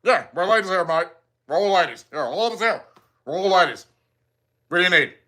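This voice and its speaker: A big, cheerful Australian trans woman, loud and chirpy and full of "mate", as a man puts her on. The voice sits high and bright, with a lively, swinging lilt. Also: brisk.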